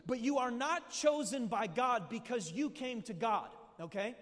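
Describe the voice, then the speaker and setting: A man preaching a sermon to a live audience, emphatic and full of questions to the crowd, rising to shouts. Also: very high-pitched, lively intonation, unhurried, hardly any pauses. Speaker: pastor. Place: large hall with audience. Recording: long hall reverb.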